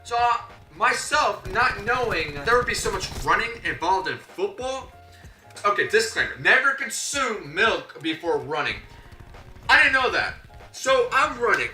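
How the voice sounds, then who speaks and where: A young man telling a comedic story, animated and slangy, acting out his own voice and his coaches' voices. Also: sits high. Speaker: YouTuber. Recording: echoey room, a bit distant from the mic, faint music.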